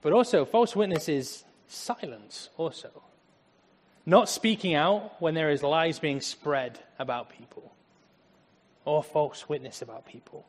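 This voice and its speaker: A man's voice: on the high side, unhurried. A man preaching a conversational sermon, mixing scripture with personal anecdotes and casual asides. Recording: long hall reverb.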